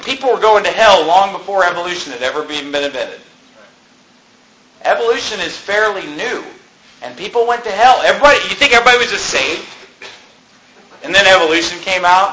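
A male pastor with a high, bright and forceful voice delivers an animated sermon, talking to the congregation in a conversational way and throwing out rhetorical questions. The sound is roomy, with faint background noise. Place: church.

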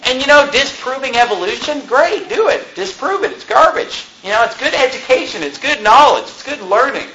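A man preaching a sermon as pastor, animated and conversational, firing off rhetorical questions to his congregation. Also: very high-pitched, brisk, few pauses, roomy sound, dull audio, slight background noise. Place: church.

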